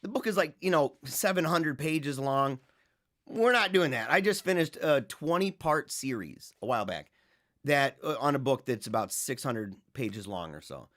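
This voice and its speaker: A man hosting a casual livestream, talking loosely with frequent restarts and chuckles, swinging from loud and lively to quiet. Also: medium pitch, moderate pace. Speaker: host.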